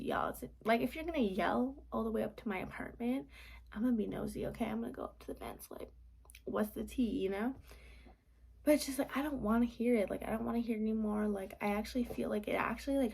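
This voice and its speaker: Late at night in her apartment, a young vlogger rambles and vents, saying "like" constantly and occasionally sinking to a whisper. Her voice is fairly high-pitched, creaky and darkish, with slight background noise.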